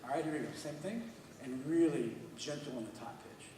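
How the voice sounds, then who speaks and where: A man coaching a student orchestra, energetic and encouraging, with quick bursts of praise. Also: a little high, very noisy. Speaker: orchestra clinician. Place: large hall with an orchestra. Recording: echoey hall from far off, orchestra music.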